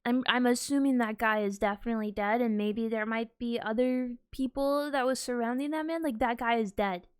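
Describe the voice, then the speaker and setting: A woman reacting to a video as a streamer, excitable, exclaiming and laughing often. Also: fairly high pitch, a little fast, clear, resonant tone, no echo, clean studio sound. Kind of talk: casual reaction commentary.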